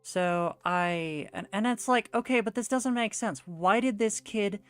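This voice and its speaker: A woman's voice: medium pitch, a little slow, clean tone, dry recording, soft background music. A young woman streaming while she draws, telling a rambling story in casual chat full of "like" fillers. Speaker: art streamer.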